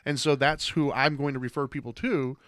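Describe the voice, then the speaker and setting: A male radio co-host who talks quickly and earnestly, piling up fillers as he makes his point. The sound is dry and close, picked up on a studio mic. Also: medium pitch, steady tone, fairly bright tone, no echo. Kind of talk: casual radio talk show conversation.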